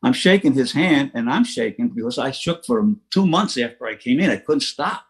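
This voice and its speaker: A man's voice: mid-range voice, expressive, normal speed, slightly rough. Plain-spoken older man telling his story. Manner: plain-spoken storytelling with frequent restarts and chuckles. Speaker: recovery meeting speaker. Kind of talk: personal recovery story at a meeting. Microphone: online meeting from home.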